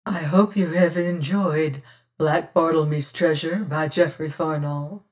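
A man's voice: fairly high pitch, fairly even intonation, measured pace. A man narrating an old-fashioned adventure novel in first person, in a solemn storytelling manner. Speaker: audiobook narrator.

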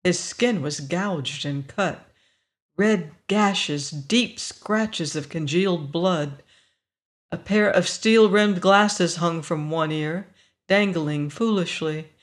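Audiobook narrator, slow pace, measured even reading, mid pitch. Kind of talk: scripted story narration.

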